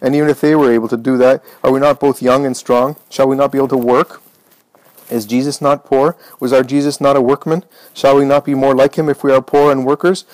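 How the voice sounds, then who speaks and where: A man voicing a fiery, devout woman who speaks with forceful, commanding conviction. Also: medium pitch, little pitch movement, fairly quick, dry recording, close to an everyday voice, rough recording. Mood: firm.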